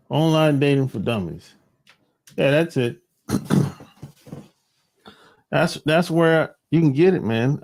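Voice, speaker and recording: This livestream host is a man whose voice sits on the high side with a darkish tone. He chats with viewers in a loose, rambling way, swearing and laughing often.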